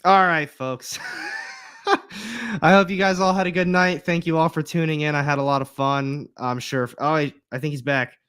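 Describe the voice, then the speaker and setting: A man co-hosting a comic book livestream, talking in a relaxed, chatty way with trailing fillers. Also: fairly high pitch, normal speed, smooth. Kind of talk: casual chat.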